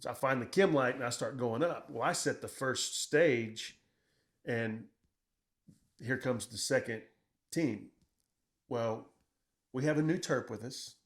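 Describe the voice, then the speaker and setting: A middle-aged man, a military veteran, telling combat stories in casual conversation, blunt and profane, acting out what he shouted. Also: medium pitch, a little slow, long pauses. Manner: profane, blunt, quotes himself in raised voice.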